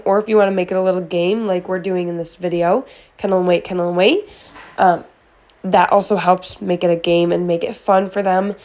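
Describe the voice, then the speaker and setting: A woman's voice: medium pitch, darkish tone. Woman dog trainer explaining commands. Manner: explanatory, friendly, methodical. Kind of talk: instructional voice-over.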